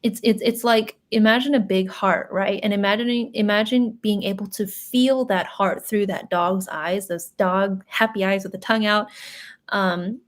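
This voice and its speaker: Young woman, tarot reader, casual live chat, emotional, rambling with fillers, middle pitch. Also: fairly even intonation, moderate pace. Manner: chatty and emotional, many fillers.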